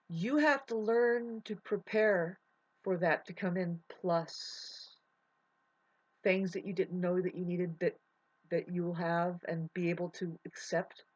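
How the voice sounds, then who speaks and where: A woman in a rambling spiritual monologue, emotional and swearing, drifting between soft musing and loud outbursts. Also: lowish voice. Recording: dull lo-fi audio.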